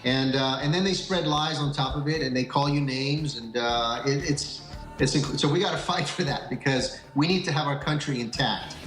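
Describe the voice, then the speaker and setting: A man's voice: medium pitch, normal speed, fairly bright tone, faint music behind. Earnest guy guest, trips over words, echoey room sound. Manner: earnest, repetitive, stumbling. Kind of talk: phone-in interview.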